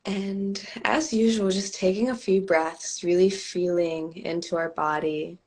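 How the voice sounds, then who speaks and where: A woman with a hoarse, scratchy voice, co-hosting a live stream and guiding a calm meditation. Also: fairly low pitch. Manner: slow, calm guiding cadence. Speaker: co-host and meditation guide. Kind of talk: guided meditation and casual chat. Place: home, on a live video stream.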